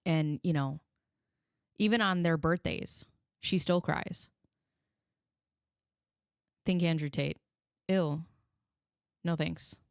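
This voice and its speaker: A woman's voice: sits low, steady tone, takes it slowly, creaky, long pauses, smooth, no echo, studio quality. A woman in her thirties hosting a live stream, chatting in a rambling, heartfelt way. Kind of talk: casual commentary.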